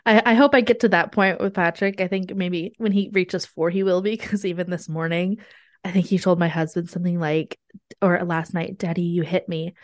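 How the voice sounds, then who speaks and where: A woman's voice: fairly low pitch, normal speed, no room sound, clean studio sound. A woman guest on a podcast, chatting casually and telling stories with animation and frequent laughter. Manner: animated storytelling, laughs often. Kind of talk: casual chat.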